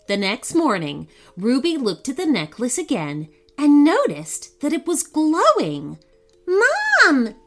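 A woman host reading a sponsor spot and narrating a children's story in a gentle, expressive read-aloud way. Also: high-pitched, a little slow, few pauses, soft background music.

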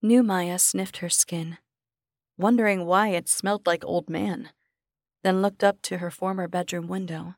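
A woman reading a horror short story aloud as narrator, measured and sometimes dropping to a whisper. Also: fairly low pitch, steady tone, no echo, studio quality.

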